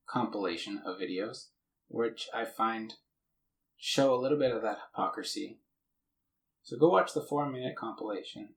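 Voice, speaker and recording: A man's voice: fairly low pitch, a little hiss or hum, low-quality recording. A man hosting a casual video commentary, explaining plainly what comes next. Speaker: channel host.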